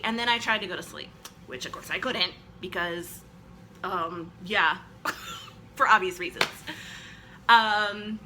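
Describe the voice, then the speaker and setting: A woman talks to her own camera in a loose storytime monologue, her voice very bright and sharp and sitting somewhat high. She rambles through fillers and pokes fun at herself as she goes. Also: a little hiss or hum, poor audio. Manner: chatty and rambling, with frequent "like" fillers; self-deprecating and joking. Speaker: vlogger telling a personal story. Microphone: camera she films herself with.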